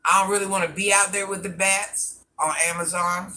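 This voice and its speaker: A man's voice: sits high, little pitch movement, moderate pace, sharp tone. A man rambling through a casual live stream, answering viewer comments and talking to people off camera in a folksy way.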